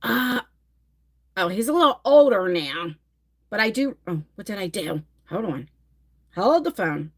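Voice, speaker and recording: A woman's voice: medium pitch, sing-song, unhurried, pauses often, breathy edge. A middle-aged woman from New Jersey with a New Jersey accent, chatting casually on a livestream, rambling and reading viewer comments aloud. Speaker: livestream host.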